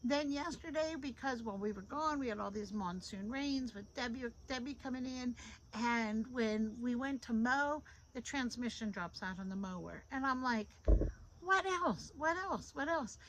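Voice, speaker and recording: A middle-aged woman giving an informal devotional talk into a phone. She is animated and repeats phrases for emphasis. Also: a little high, moderate pace, slight background noise, low-quality recording. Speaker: devotional host.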